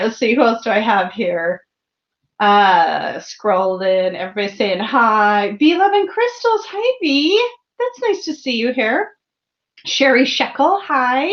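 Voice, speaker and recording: A woman's voice: fairly high pitch, lo-fi sound. A woman hosting a tarot livestream, chatting casually, greeting viewers by name and laughing often. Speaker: tarot channel host.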